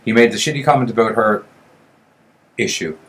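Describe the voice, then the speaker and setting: A man's voice: on the low side, fairly quick, a bit bright. A man co-hosting a horror podcast in casual chat, joking and swearing as he rambles. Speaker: podcast co-host.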